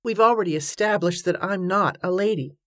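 A woman's voice: mid-range voice, a little fast, dry recording, clean studio sound, natural voice. A woman voicing a frank young widow who talks bluntly and wryly, in a storybook reading. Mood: teasing. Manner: blunt, wry, forthright.

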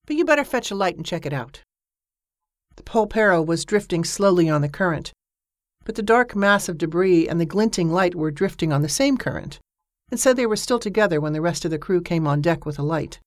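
A woman reading a story aloud as an audiobook narrator, with a steady storytelling manner. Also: brisk, no echo, studio quality. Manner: steady storytelling voice, lifting pitch for characters' dialogue. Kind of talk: scripted narration.

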